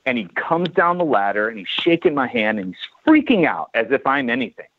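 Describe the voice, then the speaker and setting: A man's voice: medium pitch, lively intonation, brisk, slight background noise. A man in his forties from California, a chiropractor guest telling a story in a casual interview and acting out the dialogue. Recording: tinny phone-like dry line.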